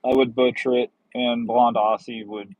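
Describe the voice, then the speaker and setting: A man's voice: mid-range voice, flat delivery, normal speed, darkish tone, low-quality recording. A man livestreaming while he drives deliveries, chatting casually with viewers and joking at his own expense. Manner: easygoing, chatty, jokes at himself. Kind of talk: casual live chat, answering viewers' comments. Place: in a car while driving.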